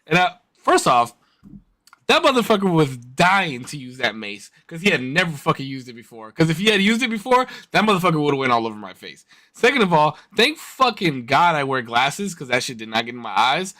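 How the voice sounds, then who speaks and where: A man's voice: fairly high pitch, fairly quick. A man hosting a podcast, telling a story in casual, profane chat. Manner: profane, animated retelling. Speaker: podcast host.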